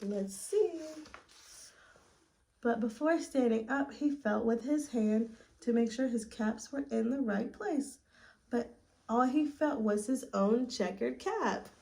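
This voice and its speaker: A woman reading a picture book aloud to children at story time, gently asking them questions along the way. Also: fairly high pitch, takes it slowly, gravelly, slight background noise, poor audio. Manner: gentle, asks listeners questions.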